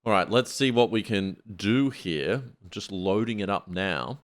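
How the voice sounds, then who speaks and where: A man's voice: on the low side, expressive, measured pace. A man hosting a podcast, casually chatting and playfully directing an AI voice demo. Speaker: podcast host.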